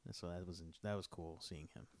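A man talking as a podcast guest in a casual film chat, relaxed and a little hesitant, with filler words. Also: deep voice, a little fast, dry recording.

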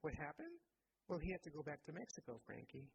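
A man reading aloud as an elderly mother with dementia, answering in a quiet, composed way. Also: on the high side, wildly swooping pitch, a little fast, gravelly, muffled recording, a little hiss or hum, exaggerated voice. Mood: wistful. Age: older.

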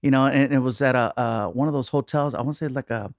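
A male stand-up comedian talks on a podcast in an easygoing, storytelling way, often breaking into a chuckle. His voice sits in an ordinary middle pitch. The sound is close and dry, with no room around it. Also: quick pace, dry recording. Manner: laid-back storytelling with laughs. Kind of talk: casual podcast chat.

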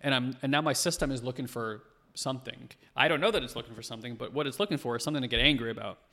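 Man in his thirties, gravelly voice, fast and animated, reverberant room. Podcast guest. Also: medium pitch. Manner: fast-talking, animated storytelling with lots of fillers. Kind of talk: casual conversation.

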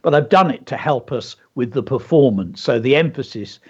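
A man's voice: medium pitch, animated, moderate pace, a little mellow, breathy edge, lo-fi sound. A male radio host teaching creative writing, talking in an enthusiastic, explanatory way with frequent fillers. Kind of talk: instructive radio talk.

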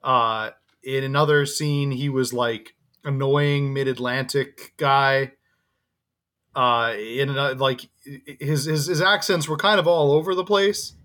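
A man's voice: medium pitch, fairly even intonation, unhurried, a bit bright. A man co-hosting a podcast, talking in a loose, rambling way with frequent laughs and restarts. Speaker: podcast co-host. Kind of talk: casual podcast chat.

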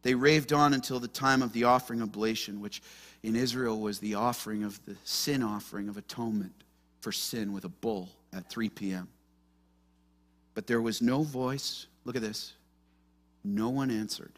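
A man preaching an expository sermon as pastor, animated and acting out the voices in the story. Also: on the low side, moderate pace. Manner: animated, acts out quoted voices.

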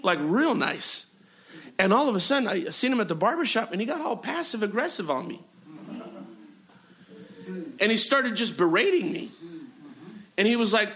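High bright-voiced preaching man. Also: big pitch swings, normal speed, long pauses. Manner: preaching with frequent amens and hallelujahs, repetitive rhythmic phrasing. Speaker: pastor. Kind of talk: sermon. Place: church sanctuary.

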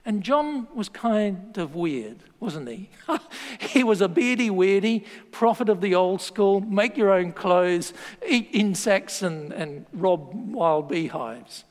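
An Australian man preaching a sermon, telling stories in a lively, joking way. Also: high voice, takes it slowly. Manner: lively storytelling with laughs and asides. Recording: long hall reverb.

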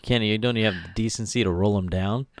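Jokey low-voiced man reading headlines. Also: fast, no room sound. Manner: jokey, reads headlines aloud with asides. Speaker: podcast co-host. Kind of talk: casual news chat.

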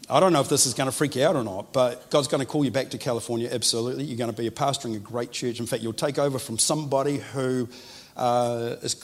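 A man, a pastor giving a chatty, joking sermon and speaking directly to his congregation. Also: medium pitch. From New Zealand. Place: church hall with congregation.

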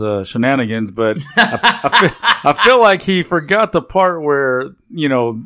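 A man's voice: medium pitch, a bit bright. A man hosting a comedic sports betting podcast, with a hype, crude mock-announcer manner. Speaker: podcast host. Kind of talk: comedic casual chat.

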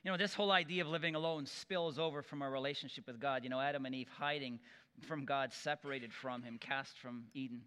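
A man preaching a sermon, telling stories and acting out the quoted voices with lively energy. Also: medium pitch, fairly quick, clear, resonant tone, in a large hall. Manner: animated storytelling with acted-out quotes.

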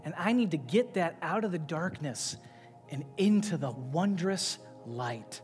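A man's voice: fairly high pitch, expressive, measured pace. Preaching man in a reverberant hall. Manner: preaching, swinging between loud emphatic passages and quiet asides. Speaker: pastor. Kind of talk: sermon. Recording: long reverb with faint music behind.

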